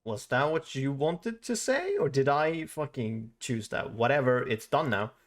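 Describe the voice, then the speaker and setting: A man's voice: mid-range voice, very animated, a little slow. Foul-mouthed chatty male game streamer. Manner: chatty, swears often, reads game text aloud. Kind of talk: casual live-stream commentary.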